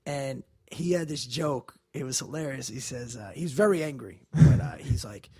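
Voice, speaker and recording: A man's voice: medium pitch, normal speed, few pauses, breathy edge. A man, a guest comedian, telling profane stories in casual chat on a studio podcast, acting out the people he quotes. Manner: animated, profane, acts out quotes loudly. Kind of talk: casual storytelling.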